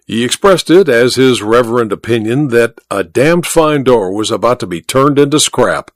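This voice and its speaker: A man narrating an old-fashioned story as an expressive audiobook reader. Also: medium pitch, dry recording, studio quality.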